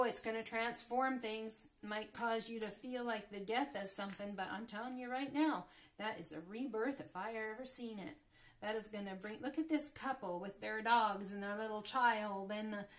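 Woman reading tarot, gets excited and gasps at the cards, kinda high voice. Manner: excitable, gasping and exclaiming over cards. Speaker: tarot reader. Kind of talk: casual tarot reading to camera.

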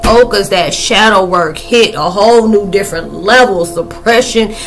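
A woman's voice: fairly low pitch, fairly bright tone. A young woman, chatting casually and playfully in a rambling spiritual vlog. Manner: rambling, playful, laughs often. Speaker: spiritual vlogger.

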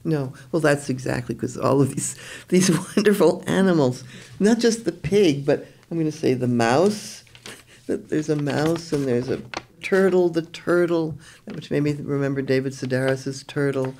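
A woman's voice: deep voice, a little slow. A woman editor interviewing an author, speaking with effusive enthusiasm. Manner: warm, effusive praise. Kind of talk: casual interview conversation.

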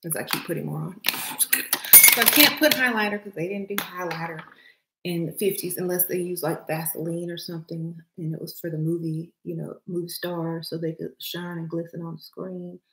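A middle-aged woman with a Southern accent talks viewers through a makeup routine in easy, playful chat. Her voice carries a gravelly fry, and she often slips into low murmured asides between steps. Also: steady tone, moderate pace, noisy background. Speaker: beauty vlogger. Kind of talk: casual makeup tutorial chat.

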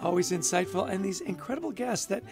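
A man co-hosting a podcast in easy, upbeat conversation. His voice sits a little high with a gravelly fry, and faint music plays behind him. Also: animated, fast talker. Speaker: podcast co-host. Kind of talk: casual podcast chat.

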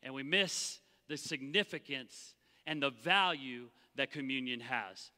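Man, pastor, animated preaching, bright tone, long reverb. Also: medium pitch, measured pace. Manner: animated, acts out the Bible voices. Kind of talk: sermon. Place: church sanctuary.

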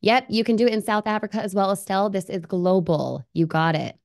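This livestream presenter is a woman with a mid-range voice who talks fast. During her live webinar she's upbeat and persuasive, frequently questioning viewers and voicing their comments.

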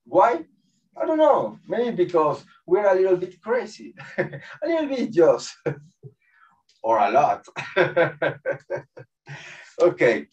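A man gives a slow, halting spiritual talk in a second language, often pausing to hunt for a word and chuckling between thoughts. He sounds distant from the mic, and the call audio is muffled and lo-fi. His voice sits at an ordinary pitch for a man. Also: huge pitch swings, darkish tone. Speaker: spiritual teacher.

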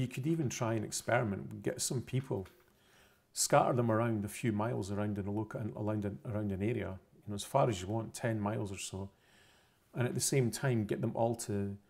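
Guy explaining stuff over pics, kinda raspy and husky, repeats himself a lot. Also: fairly low pitch, a little mellow. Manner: methodical, repeats points, self-corrections. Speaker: science explainer. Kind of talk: unscripted narrated explanation over pictures.

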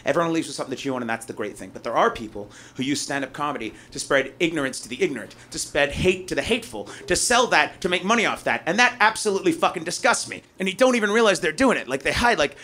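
A male stand-up comedian on a live stage, talking fast and swearing a lot, with shouted punchlines. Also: high-pitched, animated.

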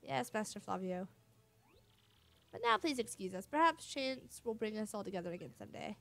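A woman's voice: mid-range voice, animated, normal speed, gravelly, a bit bright. A woman voicing a vain, boastful adult male showman with a put-on Spanish-flavored accent, speaking grandly and theatrically.

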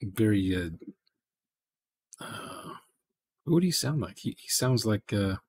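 A man's voice: fairly low pitch, animated, takes it slowly, darkish tone, slightly rough. A man, casually chatting with viewers during a live programming stream, rambling and thinking aloud.

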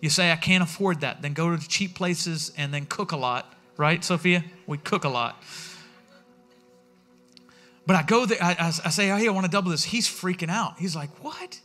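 Male pastor, high bright voice, chatty sermon delivery. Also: normal speed, soft background music. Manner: conversational storytelling, acts out quoted voices. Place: church sanctuary.

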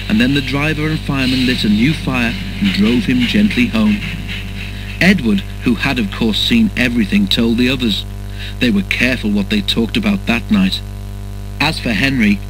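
A man reading a children's story aloud as narrator in a measured, even way. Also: mid-range voice, soft background music, poor audio.

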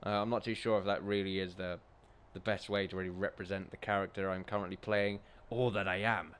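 A man giving rambling gameplay commentary, chatty and self-amused, who often laughs and calls his viewers ladies and gentlemen. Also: deep voice, level tone, a little fast, slight background noise. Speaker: let's play commentator.

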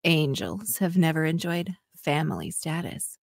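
Slow, breathy mock-sultry woman reader. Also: deep voice, sing-song, dry recording, clean studio sound. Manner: slow breathy reading with drawn-out words and whispers; breaks into giggles. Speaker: podcast co-host. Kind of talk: mock-sultry dramatic reading.

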